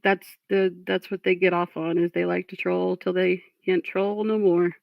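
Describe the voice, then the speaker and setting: Frustrated woman streamer with gravelly voice. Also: lowish voice, level tone, moderate pace, no echo. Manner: frustrated, blunt, swears at trolls. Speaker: livestream host. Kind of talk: casual livestream talk reading chat. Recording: dull lo-fi stream audio.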